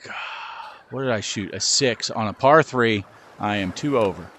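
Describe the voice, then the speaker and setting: A man's voice: on the low side, normal speed, background noise. A middle-aged man giving casual, self-deprecating commentary while playing a VR golf game, talking to his ball as he plays. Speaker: gaming channel host.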